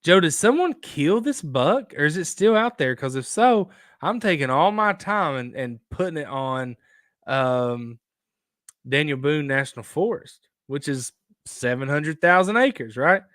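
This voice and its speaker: Excitable man hosting live chat. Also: fairly high pitch, measured pace, no room sound, clean studio sound. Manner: excitable, rambling, reacts loudly to viewer photos. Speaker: outdoors show host. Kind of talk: casual live-stream chat.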